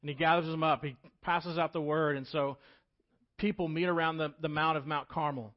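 In a muffled recording, a pastor with a fairly high, steady voice preaches at a normal speed. His sermon is casual and story-based, delivered conversationally with swings between loud stress and soft, hushed moments.

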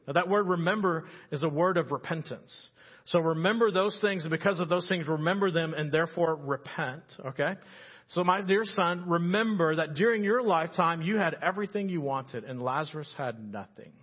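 A male preacher delivering an animated sermon in a fairly high, husky voice. He swings between loud emphasis and hushed earnestness. The recording is dull and muffled. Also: a little fast. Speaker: pastor.

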